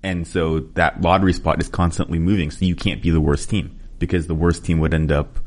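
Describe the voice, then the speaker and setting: A man's voice: low voice, flat delivery, fairly quick. A man on a podcast panel laying out an idea plainly in casual discussion.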